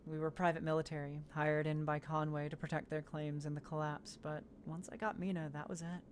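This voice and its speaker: Woman reading as a tired ex-soldier father, soft and subdued, lowish voice, game dialogue. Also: flat delivery, brisk, slight background noise, close to an everyday voice. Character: weary former mercenary father, man.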